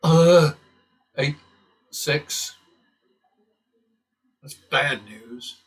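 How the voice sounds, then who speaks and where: A man's voice: fairly high pitch, fairly even intonation, drawn-out words, low-quality recording. Man muttering blackjack calculations. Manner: muttering calculations, occasional swearing, wry asides. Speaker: blackjack strategy channel host. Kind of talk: casual commentary while playing simulated blackjack.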